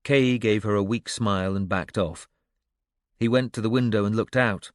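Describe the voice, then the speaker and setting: A male audiobook narrator with a fairly low voice, reading in an even, measured storytelling manner. The recording is close and dry, with no room sound. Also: dry recording. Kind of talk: scripted narration.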